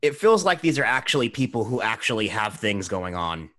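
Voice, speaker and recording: A man's voice: fairly low pitch, sing-song, brisk, bright, forceful tone. A young man co-hosting a casual chat, hedging and saying "like" a lot. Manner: hedging, many likes. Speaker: podcast co-host.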